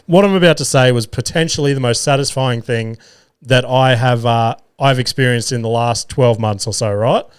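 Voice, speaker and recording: An Australian man hosting a podcast, telling a story in a casual, profane, animated and self-mocking way from his garage studio. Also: medium pitch, moderate pace, smooth, dry recording. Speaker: podcast host. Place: single-car garage studio. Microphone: studio mic.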